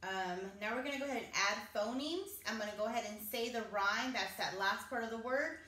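A woman teaching kindergarten phonics, speaking slowly and clearly, repeating each word and sounding out its letters with encouragement. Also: a little high, bright, forceful tone. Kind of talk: phonics lesson for young children. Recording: echoey room.

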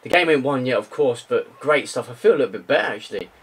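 A man's voice: mid-range voice, expressive, quick pace, husky. A young man giving frustrated, ranting gameplay commentary that swears and repeats itself. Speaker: gaming video creator. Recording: faint music behind.

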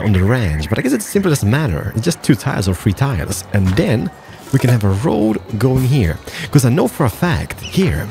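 A man chatting casually as he plays, rambling and joking, with a voice that jumps up and down in pitch. He keeps slipping in playful mock Spanish phrases. Faint music plays behind him. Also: creaky, darkish tone. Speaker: gaming channel host. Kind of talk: casual gameplay commentary.

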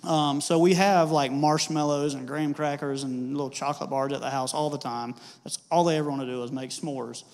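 Higher-voiced pastor telling a story. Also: male voice, steady tone, a little fast, hardly any pauses. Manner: casual and storytelling, with plenty of uhs and ums. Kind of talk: sermon with personal story. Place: church sanctuary. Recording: reverberant church hall with soft music.

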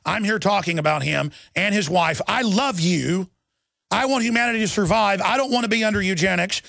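A man with a gravelly, fry-laden voice pitched a little high holds forth on talk radio. He rambles urgently and restarts his sentences as the story runs on. The studio sound is dry and close. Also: fast, pushed and bright, no room sound. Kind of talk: impassioned talk radio monologue.

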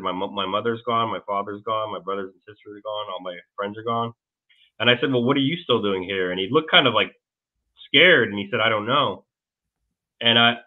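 A man being interviewed as a guest, telling a long story in a rambling, halting way with many restarts. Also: mid-range voice. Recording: tinny phone-like line.

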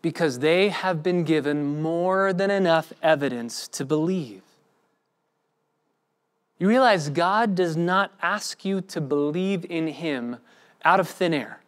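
Man, pastor preaching, expressive, acts out quotes, slightly high voice. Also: slow. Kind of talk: sermon.

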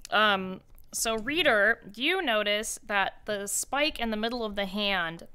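Bright, crisp-voiced woman game master. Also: mid-range voice, animated, measured pace. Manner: descriptive, with fillers. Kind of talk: narrating a tabletop game.

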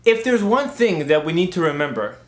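A man's voice: fairly high pitch, big pitch swings, brisk, roomy sound. A man hosting a comedic sketch vlog who presents numbered tips in an upbeat way.

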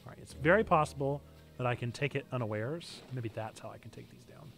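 Man, North Carolina accent, game streamer, playful chat, forceful bright tone. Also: medium pitch, brisk, vocal fry, soft background music. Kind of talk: casual gameplay stream chat.

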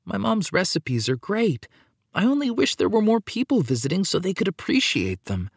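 A man's voice: high voice, wildly swooping pitch, normal speed, vocal fry, breathy edge, no room sound, pitched above the performer's own voice, exaggerated voice. A man reading an audiobook, voicing an earnest, passionate boy in a raised, emphatic tone.

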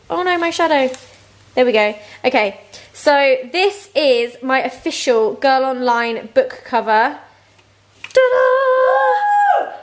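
A young woman vlogging in a giggly, chatty way. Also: high voice. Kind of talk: casual vlog chat. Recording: noisy handheld vlog audio.

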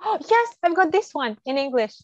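A woman's voice: extremely high pitch, sing-song, moderate pace, a little mellow, no room sound, lo-fi sound. A woman hosting an online author session, reacting in short bubbly exclamations. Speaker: session host. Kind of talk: brief reactions in an online chat.

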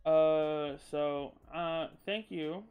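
High-voiced, unhurried male streamer. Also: steady tone, clear, resonant tone, narrow, tinny audio. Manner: rambling, swears freely, cheerful shout-outs to viewers. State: loopy after a sneezing fit. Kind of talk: casual live-stream chat.

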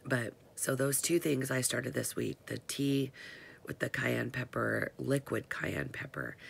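An older woman, hoarse and half-whispering, chatting casually to her followers from home in the morning. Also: extremely low pitch, slight background noise. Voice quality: gravelly. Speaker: vlogger.

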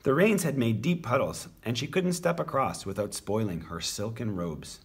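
A man reads a children's picture book aloud in an expressive, animated storytelling voice. His tone is slightly husky and his pitch rises and falls freely. He sounds like a teacher sharing a story. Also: moderate pace.

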